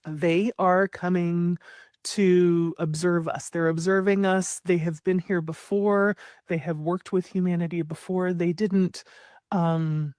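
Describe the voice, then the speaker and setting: A self-described psychic woman talking to her followers in a social media clip, measured and hesitant, pausing often. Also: on the low side, fairly even intonation, darkish tone, no room sound, studio quality.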